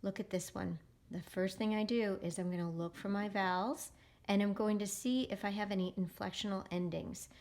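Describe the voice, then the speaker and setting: Teacher lady walking kids thru phonics, slow careful sounding out, mid pitch. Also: steady tone, darkish tone. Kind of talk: phonics lesson for children.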